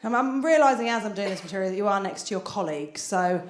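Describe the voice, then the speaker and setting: A woman's voice: medium pitch, lively intonation, fast talker, echoey room. A British woman performing a stand-up comedy routine on a theatre stage, chatty and conspiratorial with the crowd. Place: theatre stage before an audience.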